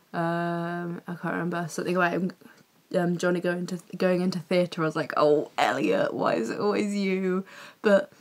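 A young woman chatting to camera in a casual vlog, gushing and excitable. Her pitch sits in an ordinary middle range, and she rambles with plenty of fillers and restarts. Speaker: vlogger reviewing a TV episode.

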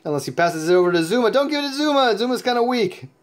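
High-voiced, tired man commentating a game. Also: fast talker. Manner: chatty, excitable, laughs often. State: tired and sleepy. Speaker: mobile game player and YouTube host. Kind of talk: casual gameplay commentary.

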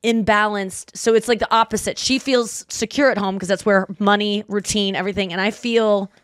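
Animated woman telling stories on a podcast. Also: medium pitch, moderate pace, smooth, no echo, studio quality. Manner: animated storytelling, acts out quoted voices. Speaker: podcast host. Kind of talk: casual chat.

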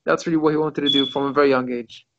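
A man teaching a Torah class as a rabbi over a video call. He tells stories and often pauses to search for English words. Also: a little high, steady tone, background noise. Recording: muffled video call audio.

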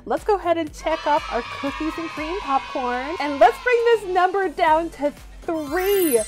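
A woman hosting a toy unboxing vlog, gushing and squealing with excitement, talking to viewers as "you guys". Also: very high-pitched, a little slow, over music.

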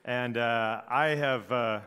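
A middle-aged man from Southern California, a pastor opening a sermon in a relaxed, joking way with many fillers. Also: medium pitch, takes it slowly, clear, resonant tone. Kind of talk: sermon introduction. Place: church sanctuary. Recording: long church hall reverb.

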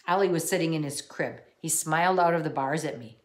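A woman's voice: sits low, a little fast, few pauses. A woman teacher cheerfully and expressively reading a children's book aloud to her class.

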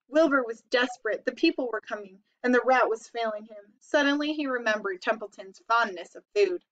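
A woman reads a children's novel aloud with expressive narration. Her voice sits on the higher side, and the recording sounds dull and lo-fi. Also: a little fast, hardly any pauses. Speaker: storybook reader.

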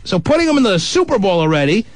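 A middle-aged man hosting a call-in radio show, teasing callers with quick, wry banter. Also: high voice, sing-song, no room sound. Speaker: radio talk show host. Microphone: studio microphone.

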